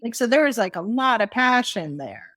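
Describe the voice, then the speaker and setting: Woman co-host, chatty and halting, laughs a lot, dry close mic. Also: fairly high pitch, big pitch swings, fairly bright tone, no room sound. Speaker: podcast co-host. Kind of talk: casual chat.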